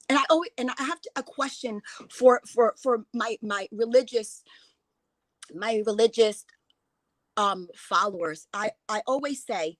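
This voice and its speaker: A woman's voice: on the high side, measured pace, no echo. A woman giving an impassioned, emotional talk as a guest speaker, rambling and restarting her sentences as she goes.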